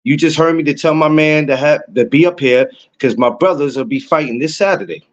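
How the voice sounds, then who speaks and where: A young adult man, hosting a casual livestream podcast and talking to viewers in chat. He is excitable and repeats himself a lot. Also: fairly high pitch, brisk, dull audio. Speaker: podcast host.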